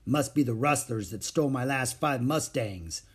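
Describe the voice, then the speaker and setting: A man's voice: medium pitch, moderate pace, slightly rough, lightly acted. Slim, a man doing a folksy drawling cowboy. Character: friendly drawling adult cowboy, gruff and kind.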